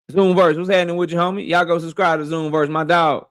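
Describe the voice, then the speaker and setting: A man's voice: a little high, steady tone, fast talker, few pauses, fairly bright tone, smooth, dry recording, studio quality, faint music behind. A man hosting a boxing livestream, casually greeting chat members one by one in a slangy, playful way.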